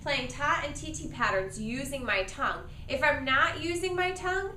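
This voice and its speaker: A woman teaching a beginner saxophone class in a bright, animated voice. She talks patiently and encouragingly, modeling each step and having students echo her. The sound is roomy and a little distant from the mic, with faint background noise. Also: high-pitched, normal speed. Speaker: music teacher.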